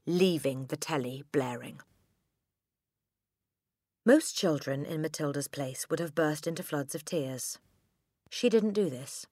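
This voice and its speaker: A woman narrating a children's storybook in a crisp, expressive reading. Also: sits low, no room sound, studio quality. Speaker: audiobook narrator.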